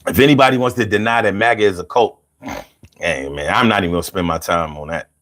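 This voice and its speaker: A man hosting a casual call-in show, animated and playful, chanting lines rhythmically and chatting with viewers. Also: low-pitched, fast. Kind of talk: casual livestream talk.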